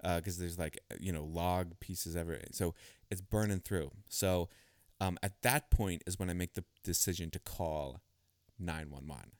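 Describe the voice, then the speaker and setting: A man hosting a podcast, telling a long story in a rambling, animated way with many restarts. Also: low voice, normal speed, no echo, studio quality. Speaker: podcast host. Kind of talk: casual storytelling chat.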